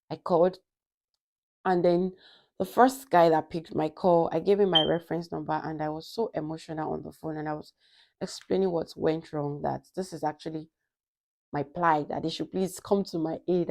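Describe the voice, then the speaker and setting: A young Nigerian woman vlogger with a Nigerian accent, telling a personal story in a casual, animated way and acting out the dialogue. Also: low-pitched, vocal fry. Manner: animated, acts out quoted dialogue.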